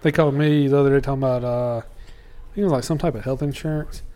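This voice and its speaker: A man's voice: medium pitch, steady tone, racing, mellow. A young man co-hosting a podcast, joking bluntly in casual banter. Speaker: podcast co-host. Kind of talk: casual chat.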